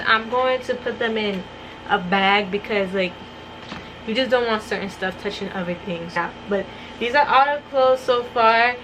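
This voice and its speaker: A woman's voice: medium pitch, moderate pace, background noise. A young adult woman chatting casually to her viewers in a vlog, rambling and addressing them as y'all, from her bedroom. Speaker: vlogger.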